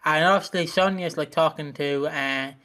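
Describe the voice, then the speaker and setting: A man's voice: a little high, moderate pace, pushed and bright. A young man co-hosting a casual podcast, joking and giggling, often swearing. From Britain. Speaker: podcast co-host. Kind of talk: casual chat.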